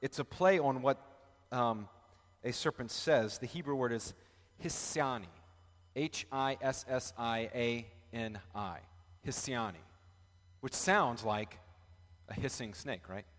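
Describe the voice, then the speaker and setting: A man's voice: medium pitch, slow pace, fairly bright tone. A man, a pastor, leading a casual Bible study and joking with the group in the room. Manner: chatty, joking, talks with the group. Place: church room with a live group. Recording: long reverb of a large room.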